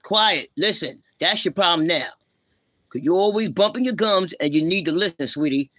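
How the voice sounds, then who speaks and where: A woman rants on her livestream, lecturing and scolding in blunt street slang. Her voice is sharp and forceful, and the sound is dry and close with no room echo. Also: fairly low pitch, expressive, normal speed, dull audio. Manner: blunt, confrontational, heavy slang. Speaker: livestream host. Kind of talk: ranting live commentary.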